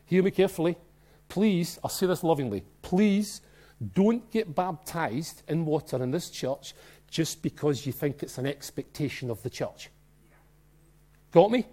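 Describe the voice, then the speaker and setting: A man with a Glasgow Scottish accent preaching a sermon in a church, emphatic and excitable, swinging between soft and loud. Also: on the high side. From Scotland. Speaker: pastor.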